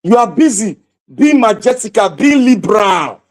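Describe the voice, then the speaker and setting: A man with a Nigerian accent hosting a livestream, giving impassioned, preachy commentary that bursts into shouting. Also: sits high, sing-song, normal speed. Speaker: livestream host.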